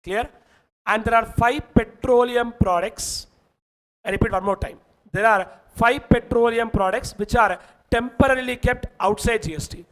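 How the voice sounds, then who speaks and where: Male teacher, Indian English accent, high voice, emphatic explainer who keeps checking in with the class. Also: moderate pace, fairly bright tone, low-quality recording. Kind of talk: online exam-prep lecture.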